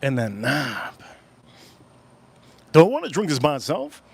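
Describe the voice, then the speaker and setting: A man's voice: fairly high pitch, wildly swooping pitch, a little slow, slight background noise. A man hosting a casual livestream, rambling and repeating his phrases as he chats with viewers at home. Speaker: livestream host.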